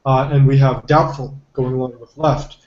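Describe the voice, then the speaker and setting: A man's voice: medium pitch, steady tone, normal speed. A man co-hosting a podcast, talking through ideas thoughtfully and hedging with many fillers. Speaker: podcast co-host. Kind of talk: casual analytical discussion. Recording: dull lo-fi recording in a roomy echo.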